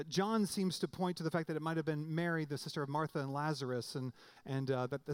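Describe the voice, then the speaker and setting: A pastor with a somewhat high voice preaches in a relaxed, conversational style. He often restarts phrases, then jumps up in pitch suddenly to emphasize a point.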